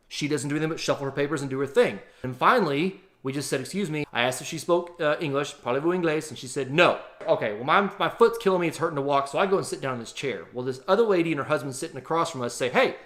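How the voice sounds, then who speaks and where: A man telling a travel story in a casual, animated, exaggerated way to his vlog audience. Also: fairly high pitch. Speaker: vlogger.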